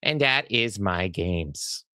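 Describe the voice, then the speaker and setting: A man co-hosting a gaming podcast in casual, excitable chat, swearing freely. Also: sits low, slow, dry recording, studio quality. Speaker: podcast co-host.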